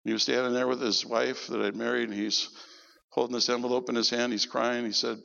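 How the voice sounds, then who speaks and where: A man preaching as pastor, telling stories in an animated sermon and quoting people in a lower voice. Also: moderate pace, creaky, big-room sound, dull audio. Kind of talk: sermon storytelling. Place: church service.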